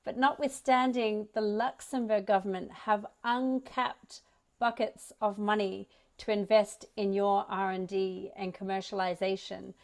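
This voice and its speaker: A woman's voice: mid-range voice, steady tone, measured pace. Upbeat Australian woman hosting an event. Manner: upbeat, enthusiastic. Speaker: event host. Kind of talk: conference welcome speech.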